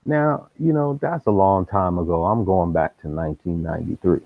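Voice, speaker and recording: A man's voice: low-pitched, moderate pace, gravelly, no room sound. A man hosting a live stream, telling street stories casually in slang and acting out the people he quotes. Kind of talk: casual storytelling. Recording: tinny phone-like dry sound.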